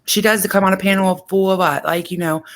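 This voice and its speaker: A woman chatting casually in a relaxed, easygoing way. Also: mid-range voice, fast. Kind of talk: casual chat.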